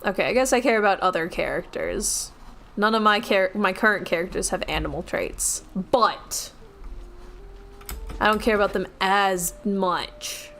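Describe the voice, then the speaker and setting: A woman's voice: medium pitch, a bit bright, slight background noise. A woman chatting casually and cracking jokes while streaming a video game. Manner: joking and chatty, talking over the game. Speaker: gaming streamer.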